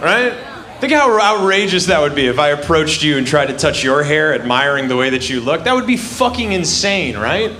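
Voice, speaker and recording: A man's voice: a little high, animated, normal speed, sharp tone. A male stand-up comedian ranting indignantly on a club stage. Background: laughing audience.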